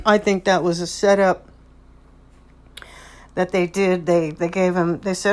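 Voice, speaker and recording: A woman's voice: fairly low pitch, a little slow, long pauses. A woman hosting her own channel, rambling and repeating herself as she comments on someone else's speech in video clips. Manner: rambling and repetitive, analyzing others' speech.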